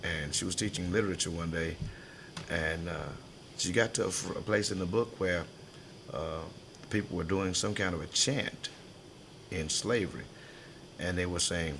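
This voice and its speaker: An older man remembers his school days for an oral history interview. His voice sits very low and gravelly, and he laughs easily while acting out the people in his stories. A faint background hiss runs under the recording. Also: moderate pace, a bit bright. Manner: folksy storyteller, laughs often, acts out voices in his stories.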